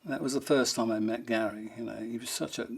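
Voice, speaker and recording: A man's voice: mid-range voice, steady tone, brisk, creaky, husky. A man, a rock guitarist, telling fond, rambling anecdotes in an interview, amused and laughing now and then.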